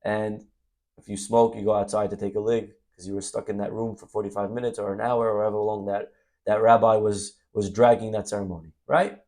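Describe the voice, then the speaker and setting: Delivering a sermon at a Torah class, a rabbi speaks briskly in a fairly low voice. His teaching is packed with acted-out stories and abrupt surges of energy.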